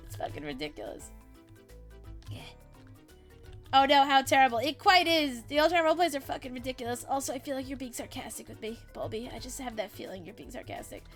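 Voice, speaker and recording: A woman streamer chatting casually on a live stream, energetic, swearing freely and giggling. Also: high-pitched, brisk, faint music behind.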